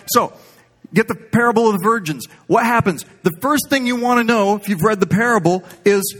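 A man preaches a sermon in a loose, conversational way and drifts into funny stories. His voice sits fairly high for a man. He mixes earnest teaching with jokes. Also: a little fast, fairly bright tone. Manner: conversational, humorous, rambling storyteller.

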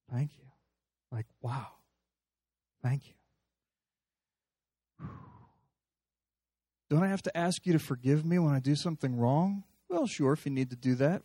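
A man preaching a sermon in a lively, conversational way, acting out little dialogues as he speaks to a live congregation. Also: medium pitch, dry recording. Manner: animated, conversational, acts out dialogue.

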